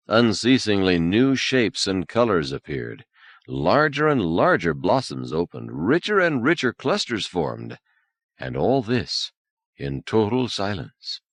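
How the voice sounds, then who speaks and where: A man narrating an audiobook novel in a lively, expressive read, with soft, hushed character lines. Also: on the low side, no echo. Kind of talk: scripted narration. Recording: old cassette audiobook, dry.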